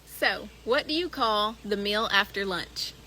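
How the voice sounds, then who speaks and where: A woman's voice: mid-range voice, lively intonation, measured pace, sharp tone, a little hiss or hum, rough recording. A woman with a playful, giggly manner, going back and forth with her husband in a casual couple video.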